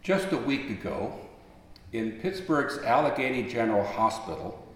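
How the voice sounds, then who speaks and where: A man preaching a sermon, telling stories, then rising into emphatic appeals before dropping back to a soft voice. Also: mid-range voice. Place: large church sanctuary. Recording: long echo of a large church hall.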